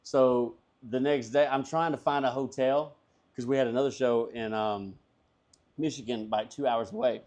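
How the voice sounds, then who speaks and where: A man's voice: mid-range voice, normal speed. A man, a comedian guest, telling a long story casually, swearing freely and acting out everyone's lines. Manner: profane, animated, acts out dialogue.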